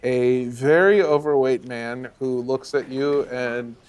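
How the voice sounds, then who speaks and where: A man narrating as game master of a comedy tabletop role-play, relaxed and filling his pauses with "uh". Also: mid-range voice, clear, resonant tone. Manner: relaxed, many "uh" fillers.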